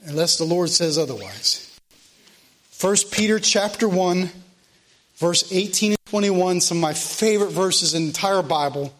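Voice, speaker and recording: A man's voice: high-pitched, animated, moderate pace, fairly bright tone. A man preaching a church sermon and leading prayer, with a fervent, repetitive cadence.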